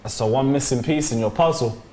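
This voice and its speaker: A man's voice: medium pitch, a little fast. A man in casual live chat about football, reading out scores from other matches between reactions. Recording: echoey room with loud crowd noise.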